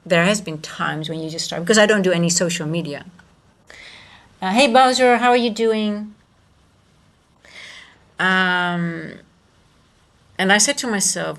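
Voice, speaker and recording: Gravelly-voiced woman streaming, halting chat. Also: lowish voice, a bit bright. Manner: rambling, halting, many restarts and fillers. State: moved and emotional. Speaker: futures trader and coach streaming live. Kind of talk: casual live-stream chat.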